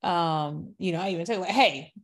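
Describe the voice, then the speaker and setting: A woman with a lowish voice speaks quickly, giving a passionate Christian testimony. She calls out to her listeners in a preachy, animated, exclamatory way, rambling through asides and frequent fillers.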